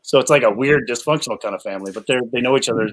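A man at an ordinary middle pitch, telling lively film-set stories. He speaks in a casual, enthusiastic way, full of "uh"s and quick restarts. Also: rough recording. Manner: enthusiastic storyteller, many fillers and restarts. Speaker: actor guest. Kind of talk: casual chat, animated anecdotes.

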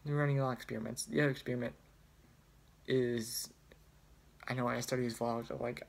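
A man's voice: medium pitch, fairly even intonation, a little fast, creaky, long pauses. A young man vlogging casually on his phone, rambling and hesitant with a self-deprecating manner. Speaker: student vlogger. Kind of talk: casual chat.

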